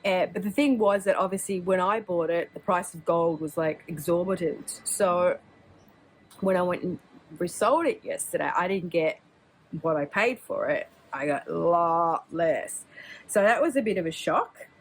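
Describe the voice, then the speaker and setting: A woman's voice: fairly low pitch, moderate pace, poor audio. An Australian woman chatting casually as she swatches fountain pen inks, rambling and chatty, sometimes breaking into bits of song. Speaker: fountain pen ink vlogger.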